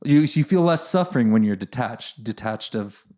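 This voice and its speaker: A man's voice: medium pitch, expressive, moderate pace, a little mellow. Thoughtful male host, casual storytelling tone, mid-range voice. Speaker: podcast host. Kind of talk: casual conversation.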